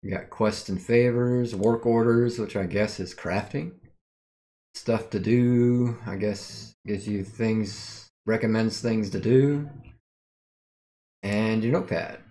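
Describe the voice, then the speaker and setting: Low-voiced man muttering through a game. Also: steady tone, slow, dark tone. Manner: thinks aloud while puzzling over the game. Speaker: game streamer. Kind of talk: casual let's-play commentary.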